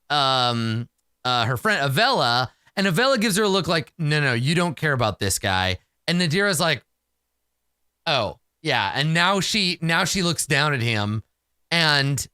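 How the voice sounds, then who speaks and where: A man's voice: a little high, pushed and bright, smooth, no room sound, studio quality. A man narrating a solo tabletop game, talking to himself and swearing freely.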